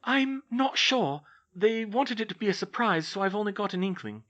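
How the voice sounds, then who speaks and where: A brisk clever young woman, put on by a man, earnest, matter-of-fact, raised pitch, storybook reading. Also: animated, pushed and bright, lo-fi sound.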